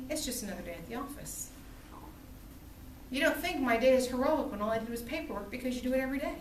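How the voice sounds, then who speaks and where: A woman teaching a literature class, lecturing in a lively storytelling manner and acting out quotes. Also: on the high side, slight background noise. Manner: animated storytelling with acted-out quotes. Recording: echoey classroom from far off.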